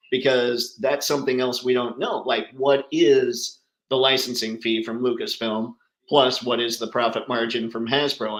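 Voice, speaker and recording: Man, livestream host, casual and enthusiastic, mid-pitched voice, roomy echo. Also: fairly bright tone. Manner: chatty, enthusiastic, answers viewers by name.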